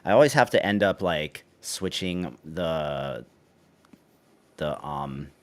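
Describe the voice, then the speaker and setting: A man's voice: very deep voice, lively intonation, slow. A man hosting a casual tech livestream, rambling and correcting himself as he goes. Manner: rambling, self-correcting, soft asides. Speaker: show host. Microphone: webcam setup on a video call.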